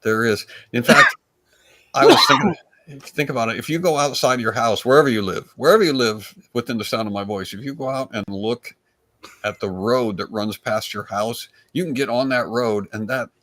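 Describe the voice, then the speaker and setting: A man, a comedian guest, telling stories in a rambling, animated way with frequent restarts. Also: medium pitch, brisk, a little hiss or hum. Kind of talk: casual storytelling chat.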